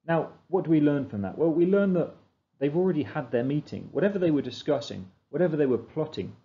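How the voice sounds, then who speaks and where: A man's voice: medium pitch, warm tone, dull audio. A man explaining a literature text in a revision lesson, asking questions and answering them himself. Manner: explanatory, asks and answers his own questions. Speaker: teacher.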